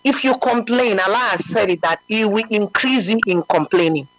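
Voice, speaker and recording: A man's voice: high voice, normal speed, a bit bright, slight background noise, poor audio. A man giving a conversational religious talk, earnest and emphatic, often checking that the listener understands. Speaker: religious speaker.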